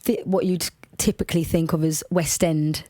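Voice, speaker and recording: A woman's voice: low voice, steady tone, moderate pace, mellow, no echo. A woman from Liverpool with a Watford accent, co-hosting a podcast in a chatty, self-deprecating way. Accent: Watford, England. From Liverpool, England. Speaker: podcast co-host. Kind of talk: casual chat.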